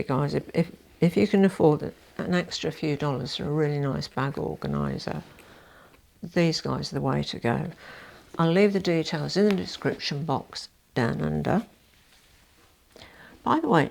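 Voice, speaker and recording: Gravelly low-voiced woman vlogging. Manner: chatty and self-deprecating, with asides and restarts. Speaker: fashion vlogger. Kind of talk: casual chat to camera.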